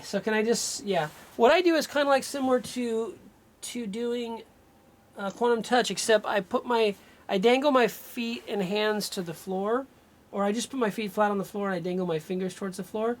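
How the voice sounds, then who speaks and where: A man working as an energy healer, thinking aloud and breaking off mid-sentence as he runs a live remote healing session. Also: high voice. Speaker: radio show host.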